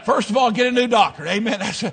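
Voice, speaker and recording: A man preaching a fiery sermon, emphatic, with repeated amens, swinging between loud declarations and hushed asides. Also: high voice, quick pace, a faint crowd.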